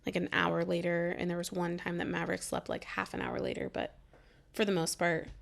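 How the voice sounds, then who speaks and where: A woman co-hosting a podcast, chatting casually and laughing, sometimes slowing down to think. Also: on the low side, little pitch movement, vocal fry. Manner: chatty, laughs often, drawls when thinking. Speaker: podcast co-host. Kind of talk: casual chat.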